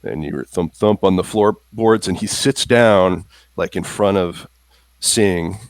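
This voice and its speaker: A man's voice: low voice, measured pace, no echo. A man playing a tabletop game, loosely describing his character's actions. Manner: loose, rambling scene description. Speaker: player.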